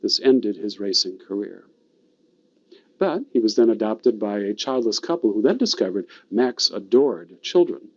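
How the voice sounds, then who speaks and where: Low-voiced man telling a story expressively. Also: highs cut off. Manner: expressive storyteller with dramatic pauses. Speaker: storytelling presenter. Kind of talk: storytelling talk.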